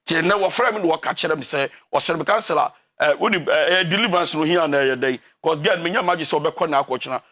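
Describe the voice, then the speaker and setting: A man's voice: on the high side, fast, hardly any pauses, pushed and bright. A man with a Ghanaian English accent, giving relationship advice on a talk show in an emphatic, preachy way that slips into Twi and half-singing. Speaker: relationship counselor.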